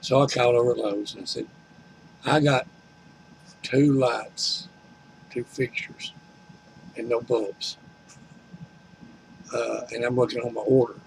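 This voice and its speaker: A man's voice: mid-range voice, fairly even intonation, slow, creaky, long pauses, a little hiss or hum, rough recording. An older man, telling a rambling, complaining story at home and retelling conversations in a folksy way. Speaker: vlogger.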